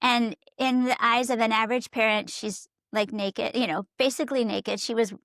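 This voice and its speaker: Woman, podcast co-host, animated storytelling, laughs a lot, dry sound. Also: a little high, normal speed, dry recording. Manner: animated storyteller, acts out quotes, laughs often. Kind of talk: casual parenting chat.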